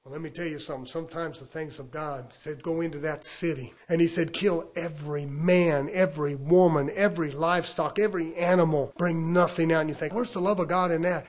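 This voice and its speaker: A man preaching a sermon, dropping to quiet asides and then rising into loud, fervent declarations. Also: on the high side.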